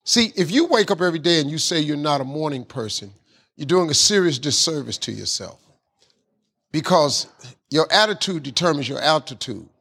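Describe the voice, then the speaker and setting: A man tells a motivational story in a husky, fairly high voice. His delivery is animated and folksy, with loose, casual grammar. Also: moderate pace. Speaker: guest speaker.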